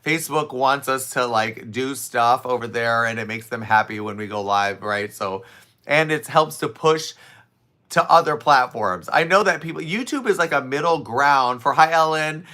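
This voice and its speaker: A man live streaming and chatting casually to his viewers in an animated way, his voice a little raspy and worn from talking for hours. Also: medium pitch, moderate pace. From Southwest Florida. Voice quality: slightly raspy, scratchy from overuse. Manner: chatty, animated, laughs often, talks to viewers' comments. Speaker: live streamer and fitness instructor. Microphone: streaming setup close to camera.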